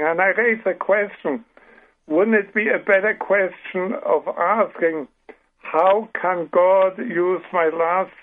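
An older man in his seventies speaks with a German accent over a tinny phone line. His voice sits high and he talks slowly and earnestly, stumbling and restarting often. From Britain, raised in Paraguay. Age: 70s. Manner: earnest, halting, many restarts. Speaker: guest author. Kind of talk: phone-in radio interview. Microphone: telephone.

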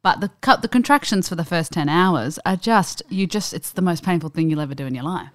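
A young woman chatting casually on a podcast, her voice slightly low. She rambles through her anecdotes with lots of "like" and loose asides. The sound is close and dry. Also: lively intonation, no room sound. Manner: chatty, filler-heavy, quick retelling. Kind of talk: casual chat.

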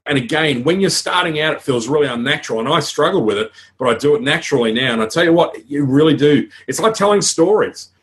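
Energetic Australian man coaching speakers. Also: fairly high pitch, fast, few pauses. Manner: frank, energetic storytelling with asides. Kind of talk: conference talk.

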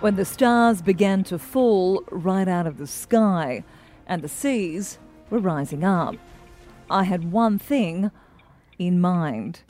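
A woman doing a deadpan Australian newsreader with a flat, measured delivery. Faint music plays underneath, and the voice stays level and formal. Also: fairly low pitch.

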